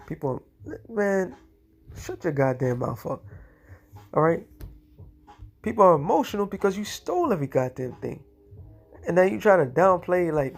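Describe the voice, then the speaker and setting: A man giving a combative religious commentary, speaking in casual slang and slowing into a measured cadence when he reads scripture aloud. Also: a little high, expressive, darkish tone. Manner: casual slangy speech, repeats "all right" and "okay".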